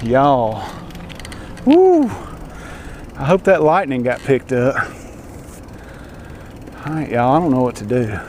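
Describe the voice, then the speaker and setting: A vlogger with a Southern US accent narrates casually while cycling outdoors, breathless, folksy and self-deprecating, calling his viewers y'all. His mid-range voice is measured with long pauses, captured on an action camera amid loud road and traffic noise.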